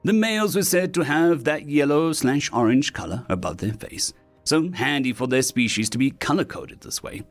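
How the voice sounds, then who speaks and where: A man's voice: fairly high pitch, animated, moderate pace, soft background music. A man reading sci-fi short stories aloud as scripted narration.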